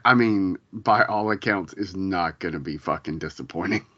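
A man's voice: low voice, normal speed, a bit bright, dry recording. A man co-hosting a podcast in casual chat, laid-back and wry with some swearing. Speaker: podcast co-host. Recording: dull lo-fi sound, dry.

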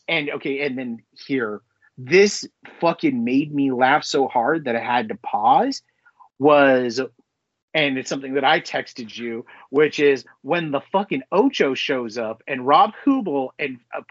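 A man in casual podcast chat, rambling and swearing, with a voice pitched a little high. The sound is dry and a bit dull, close to the mic. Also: no echo. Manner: rambling, swears freely, many fillers. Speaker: podcast co-host.

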